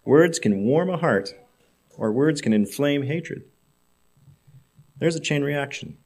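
A male preacher delivering a sermon, telling a story in measured, emphatic phrases. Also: on the high side, animated, a little mellow.

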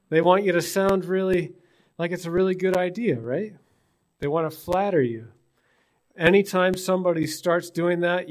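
A man from British Columbia preaching a sermon in a conversational way, asking his congregation rhetorical questions. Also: a little high. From British Columbia, Canada. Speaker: pastor. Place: church in Newfoundland.

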